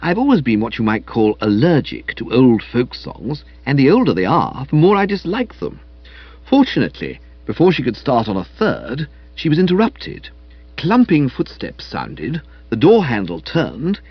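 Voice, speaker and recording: A male audiobook narrator tells a comic tale in the first person, wry and theatrical, with a husky voice that swings widely in pitch. The recording is dry and slightly muffled. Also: normal speed, no room sound. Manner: wry, lively, theatrical storytelling.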